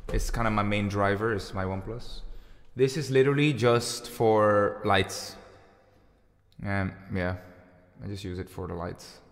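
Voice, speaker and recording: A man's voice: fairly low pitch, a little slow. Chatty thirty-year-old man on a livestream, reverberant. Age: 30s. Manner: rambling and chatty, full of fillers. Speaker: livestream host and musician. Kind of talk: casual chat reading out viewer comments. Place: home room with lights and guitar gear.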